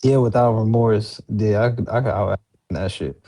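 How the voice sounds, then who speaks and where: A man's voice: on the low side, steady tone, moderate pace, mellow. A young man co-hosting a podcast in casual chat, laid-back and making short, wry remarks. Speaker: podcast co-host.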